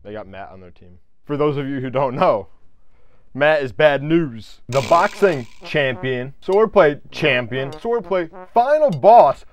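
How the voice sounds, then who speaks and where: A young man giving excitable, swearing commentary while playing a motion-control sports game at home. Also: medium pitch, unhurried, no room sound. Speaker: gaming YouTuber. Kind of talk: gameplay commentary.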